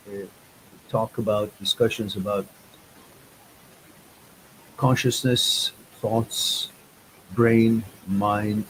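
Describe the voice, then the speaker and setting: A man with a lowish voice hosts a live chat stream, talking loosely and informally as he rambles and restarts hesitantly. The low-quality recording has a little hiss or hum.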